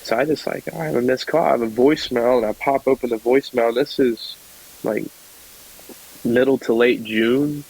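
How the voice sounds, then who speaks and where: A man in his twenties, a podcast guest, casually telling a personal story with many fillers and restarts, jumping into lively voices when he quotes people. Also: mid-range voice, moderate pace, breathy edge, poor audio. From Georgia, USA. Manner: rambling, filler-heavy, lively when quoting others.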